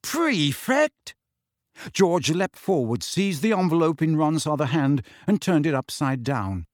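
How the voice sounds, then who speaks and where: Male audiobook narrator, expressive, fairly high voice, very dry studio sound. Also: moderate pace, no room sound. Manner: expressive storytelling. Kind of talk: scripted narration.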